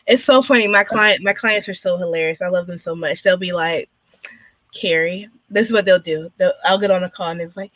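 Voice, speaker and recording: A woman co-hosting a podcast, chatting in an animated way and imitating her clients with laughs. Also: on the low side, brisk, dry recording, highs cut off. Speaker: podcast co-host. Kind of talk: casual interview chat.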